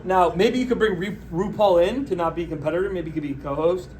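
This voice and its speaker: A man hosting a podcast, delivering a sarcastic, mocking solo rant in a deadpan pitching tone. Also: fast talker, a little hiss or hum. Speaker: podcast host. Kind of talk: solo comedic political rant.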